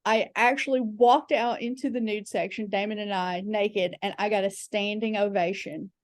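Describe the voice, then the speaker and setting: A woman's voice: mid-range voice, steady tone, normal speed, no echo. A woman telling frank, chatty comic stories as a podcast guest, with filler words and quoted voices. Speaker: guest comedian. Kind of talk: candid comic storytelling.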